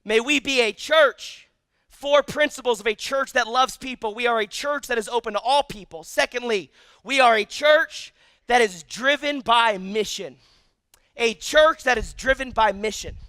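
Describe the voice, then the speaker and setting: Middle-aged guy preaching, high bright voice, dry sound, lots of stumbling restarts. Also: clean tone, no room sound. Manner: animated, repetitive restarts, acts out quotes. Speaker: pastor. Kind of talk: sermon. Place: church service.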